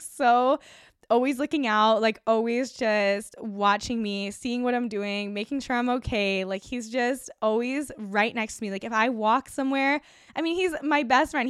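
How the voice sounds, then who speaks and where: A woman's voice: a little high, fairly bright tone, clean tone, no room sound. Woman, podcast host, enthusiastic and chatty, dry close sound. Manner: gushing, enthusiastic, lots of "like" fillers. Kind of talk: casual solo podcast chat. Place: her bedroom at home.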